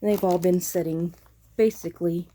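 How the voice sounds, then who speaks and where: A woman chatting about her stitching in a casual vlog. Her voice is throaty and flat, and she talks in a rambling, self-deprecating way that keeps apologizing for itself. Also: lowish voice, moderate pace. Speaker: cross-stitch vlogger. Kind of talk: casual show-and-tell chat.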